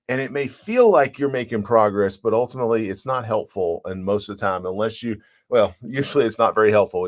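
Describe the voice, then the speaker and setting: A man with a voice on the low side preaches a devotional sermon as a pastor, earnest and plain-spoken. He reads scripture and explains it verse by verse.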